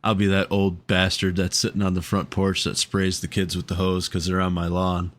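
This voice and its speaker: Deep-voiced guy swearing a lot on a podcast, laughing between stories. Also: monotone, moderate pace, fairly bright tone. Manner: profane, laughs often. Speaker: podcast co-host. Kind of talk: casual podcast chat.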